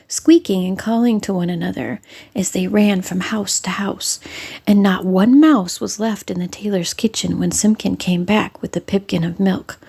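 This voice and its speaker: Soft, breathy woman reading a storybook. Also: medium pitch. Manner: soft, half-whispered narration.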